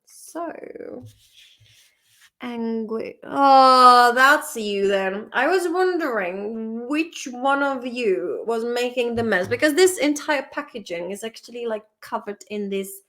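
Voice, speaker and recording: A woman's voice: a little high, expressive, slow pace, pushed and bright. A woman teaching English in casual chat at her home desk, chatty and echoing words, congested with a cold. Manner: chatty, echoes words and laughs often. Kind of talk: casual chat while studying.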